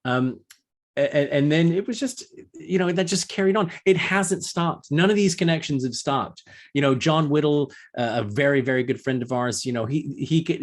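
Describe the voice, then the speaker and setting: A man on a podcast as a guest, chatting casually with a halting delivery and frequent restarts. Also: mid-range voice. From grew up as a military kid on Okinawa. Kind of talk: casual conversation. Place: lives in London.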